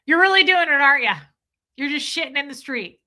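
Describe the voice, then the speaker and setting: Shrill scandalized lady, high and bright, mocking tone, put on by a woman quoting a film. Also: animated, brisk, heavily acted. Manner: high-pitched, mocking exclamations.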